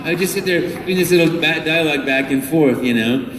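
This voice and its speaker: A man's voice: fairly high pitch, brisk, slight background noise. Enthusiastic man in an echoey hall. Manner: enthusiastic, animated, full of restarts and vocal impressions. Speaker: voice actor, panel guest. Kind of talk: convention Q&A answers. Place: large convention hall. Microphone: phone recording from the audience. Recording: echoey hall from far off, phone.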